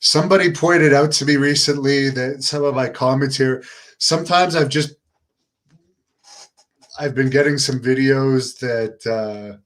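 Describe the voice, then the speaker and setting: Low-key middle-aged man chatting. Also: a little slow. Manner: relaxed, low-key and unenthusiastic delivery. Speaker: host answering viewer questions. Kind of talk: casual live-stream chat.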